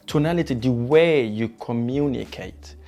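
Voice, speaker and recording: A man coaching on sales, speeding up and slowing right down as he demonstrates his tone. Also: mid-range voice, dark tone. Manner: varies pace and tone widely to demonstrate. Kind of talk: motivational teaching video.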